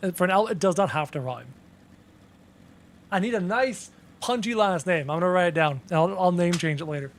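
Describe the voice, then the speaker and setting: A man's voice: sits high, moderate pace, a little hiss or hum. A Canadian man streaming a game, chatting casually with viewers and muttering as he reads lists aloud, with faint music behind him. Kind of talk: casual live-stream chat.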